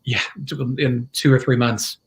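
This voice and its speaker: A man's voice: mid-range voice, normal speed. A man at home, a small business owner, chatting casually as a podcast guest and laughing easily. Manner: relaxed, conversational, laughs often. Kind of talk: casual video podcast chat. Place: home, with his dogs.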